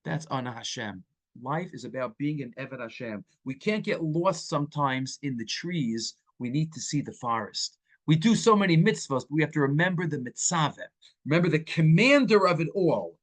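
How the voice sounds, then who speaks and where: Male rabbi giving a Torah class, fairly high voice, animated, mixing Hebrew terms into English. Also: normal speed. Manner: animated, acts out quoted speakers with swings in pitch.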